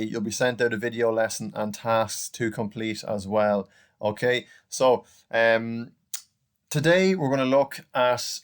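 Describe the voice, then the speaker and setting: A young adult man with an Irish accent, teaching a recorded online lesson in a chatty way, often saying "okay" and "guys". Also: mid-range voice. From Ireland.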